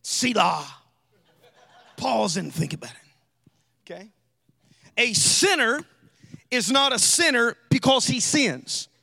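A man delivers a sermon from the pulpit. His voice sits very high for a man. He moves between hushed, quick asides and loud, sing-song peaks of emphasis. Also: very animated, gravelly. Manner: preacherly, swings from quiet asides to shouted, sung emphasis. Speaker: pastor.

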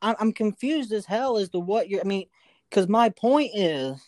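A man co-hosting a podcast, arguing his point in a quick, insistent casual debate. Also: high-pitched, animated, darkish tone, dry recording. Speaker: podcast co-host.

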